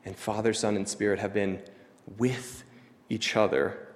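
A man preaching a sermon, teaching in a measured, explanatory way with emphatic pauses. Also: on the low side, level tone, big-room sound.

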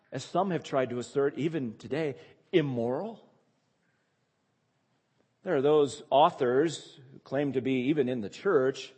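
A man's voice: a little high, a little mellow, husky, long reverb tail. A male pastor preaching a sermon, emphatic and repeating key phrases for stress.

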